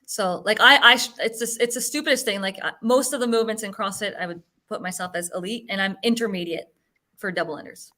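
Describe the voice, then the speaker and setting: Female guest, bright sharp tone, chatty and self-mocking. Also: medium pitch, fast talker. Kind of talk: casual chat.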